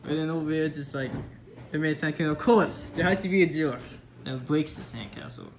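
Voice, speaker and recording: A woman's voice: low-pitched, a little fast, noisy background. A woman casually rambling over her old story, mocking herself with lots of fillers. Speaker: vlogger.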